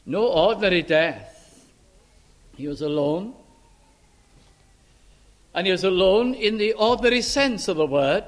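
A preacher with a high-pitched voice delivers a sermon, leaning slowly and heavily on quoted scripture. He pauses to put rhetorical questions to his listeners. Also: lively intonation. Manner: slow, emphatic scripture reading with rhetorical questions.

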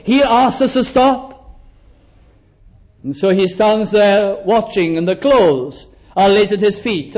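A man preaches with a very high voice, drawing out his words slowly and with weight. He turns dramatic and emphatic as he acts out the voices in his story. The recording is dull and lo-fi. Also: darkish tone. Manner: dramatic, slow and emphatic, acting out quoted voices. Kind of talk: sermon.

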